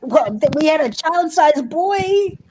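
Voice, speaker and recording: Woman tabletop player, high voice, slow halting talk, faint background noise. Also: expressive. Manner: halting, stammering restarts. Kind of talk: playing a tabletop game.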